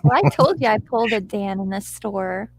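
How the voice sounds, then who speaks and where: Gravelly-voiced woman chatting dryly. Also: medium pitch, moderate pace, no room sound. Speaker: podcast co-host. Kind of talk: casual conversational chat.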